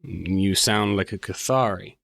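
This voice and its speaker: A man's voice: low-pitched, a little slow, gravelly, fairly bright tone, dry recording, studio quality, exaggerated voice. A man voicing a cagey, bored train guard. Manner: tight-lipped, guarded. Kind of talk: tabletop role-play voicing.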